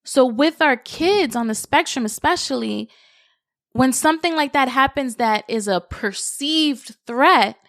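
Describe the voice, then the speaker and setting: A young adult woman hosting a solo podcast, thinking out loud in a conversational, reflective way with lots of casual fillers. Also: high voice, expressive, a little slow, dry recording, studio quality. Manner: reflective, conversational, many "you know" fillers. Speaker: podcast host.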